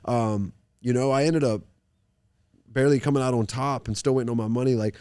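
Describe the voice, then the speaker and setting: Man, casual storyteller, loud, lively, acts out voices, dry sound. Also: mid-range voice, brisk, smooth, dry recording. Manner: animated, loud when quoting himself. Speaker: podcast guest, fighter. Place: gym mats.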